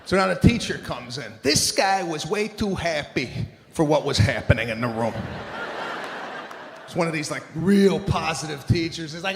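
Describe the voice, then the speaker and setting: A man doing stand-up comedy, telling stories in an animated, exasperated way before a live audience. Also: a little high, normal speed. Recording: echoey hall with live crowd and noise. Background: audience laughter.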